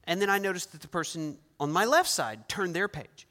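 Middle-aged preacher in a reverberant hall. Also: male voice, high-pitched, lively intonation, a little fast, sharp tone. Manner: emphatic preaching with repeated phrases. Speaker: pastor. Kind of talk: sermon. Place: church sanctuary.

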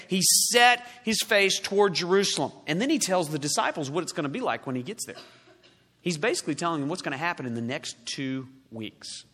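A man preaching a sermon as pastor, emphatic, slowing down hard on key words. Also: a little high, lively intonation, sharp tone. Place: church sanctuary. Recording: long hall reverb.

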